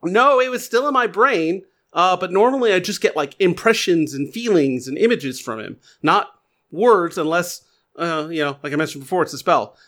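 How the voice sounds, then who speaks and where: A player in a tabletop game explaining things in a halting, filler-heavy casual way. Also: mid-range voice, expressive, a bit bright.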